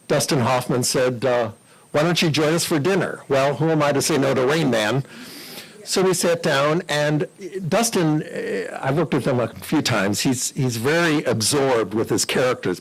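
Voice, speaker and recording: A man's voice: medium pitch, creaky, slightly rough, rough recording. An older man giving a talk to a club, telling chatty anecdotes and acting out the voices of the people in them. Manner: chatty, animated, acts out quoted voices. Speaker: guest speaker at a club meeting.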